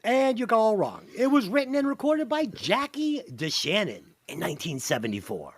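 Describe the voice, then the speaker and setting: A man hosting a podcast and running a quiz, talking in a profane, animated way. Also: sits high, moderate pace, husky, dry recording. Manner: animated, profane, quizzing the others. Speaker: podcast host. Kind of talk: casual chat.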